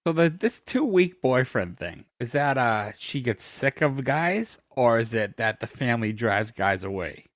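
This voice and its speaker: Co-host, male, mid-pitched voice, dry sound, wry jokes. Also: very animated, a little slow, hardly any pauses, a bit bright, no room sound. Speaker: podcast co-host. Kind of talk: casual chat.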